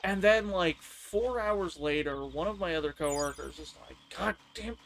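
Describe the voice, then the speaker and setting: A man streaming a game, telling work stories in a casual, animated way and acting out his coworkers' lines. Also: on the high side, moderate pace, a little hiss or hum. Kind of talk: casual storytelling on a live stream.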